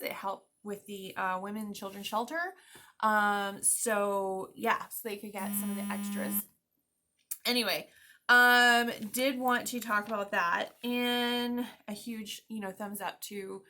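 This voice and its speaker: A woman realtor talks loosely to her viewers, rambling from one local story to the next with plenty of ums and quick laughs. Her voice is bright and forward, sitting at an ordinary pitch for a woman. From Florida, US. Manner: chatty and animated, many fillers and laughs. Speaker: realtor giving a market update. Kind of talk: casual chat to camera.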